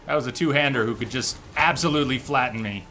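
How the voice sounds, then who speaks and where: A man streaming a game, thinking aloud in casual commentary with sudden loud outbursts. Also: medium pitch, fast, faint music behind. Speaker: gameplay streamer.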